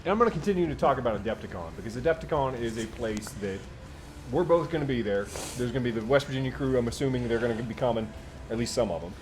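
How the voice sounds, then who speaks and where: A man's voice: mid-range voice, lively intonation, fast, a little hiss or hum. A man co-hosting a casual tabletop gaming chat, blunt and offhand. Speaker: co-host.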